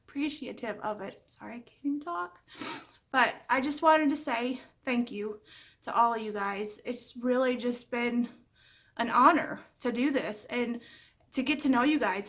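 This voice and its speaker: High-voiced chatty woman decorating her home. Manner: chatty and homey, with lots of small asides. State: under the weather, with the odd cough. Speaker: home decor channel host. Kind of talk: casual chatty decorating vlog. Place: living room at home, indoors. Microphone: camera set up nearby, moved around while she talks.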